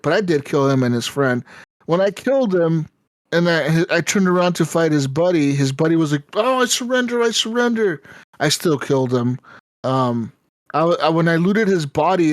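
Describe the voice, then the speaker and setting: A man co-hosting a gaming podcast, telling stories in a lively, casual way and swearing often. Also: fairly high pitch, dry recording. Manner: animated storytelling, swears often. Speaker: podcast co-host. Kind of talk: casual chat.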